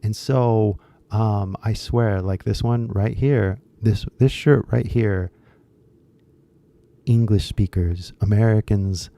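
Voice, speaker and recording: A man chatting loosely to his viewers about an idea he is pitching, his speech full of fillers and quick restarts. His voice sits a little low and sounds very dark and mellow. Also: creaky. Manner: switches into Japanese at times. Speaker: English teacher and shirt seller. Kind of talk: casual talk to viewers.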